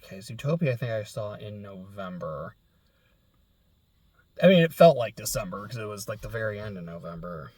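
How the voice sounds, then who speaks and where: A young man chatting casually on his own show, rambling and correcting himself often, his voice trailing off quietly at the ends of thoughts. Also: lowish voice, lively intonation, moderate pace, no echo. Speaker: podcast host. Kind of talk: casual solo chat.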